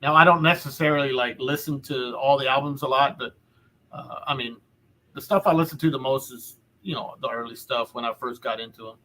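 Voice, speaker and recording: A Texas man hosts a podcast of casual chat, talking loosely, profanely and ramblingly with lots of restarts. His voice is medium-pitched, brisk, pushed and bright.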